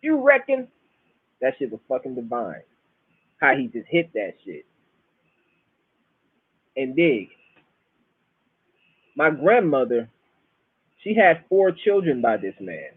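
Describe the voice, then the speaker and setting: A man's voice: mid-range voice, big pitch swings, slow, pauses often, slightly rough, no room sound. A man with a Florida accent rambling through a casual, slang-filled monologue as host. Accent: Southern US, Florida. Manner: profane, laid-back slang, storytelling. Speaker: show host. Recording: dry, tinny phone-like sound.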